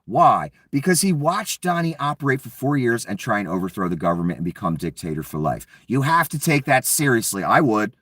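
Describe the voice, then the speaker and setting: Man, ranting commentator, lively pitch swings, heavy profanity, dry room, mic a bit off. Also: brisk, few pauses, dry recording, far from the mic. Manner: profane, sarcastic, acts out mocking quotes. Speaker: political commentator.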